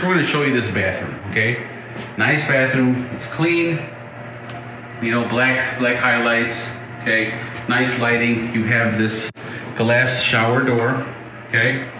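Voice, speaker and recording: A man enthusiastically narrating a walkthrough tour of a house, chatty and often adding "okay?". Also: mid-range voice. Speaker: realtor giving a home tour. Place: inside a large empty house, then outdoors on a deck. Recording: echoey empty rooms with faint noise.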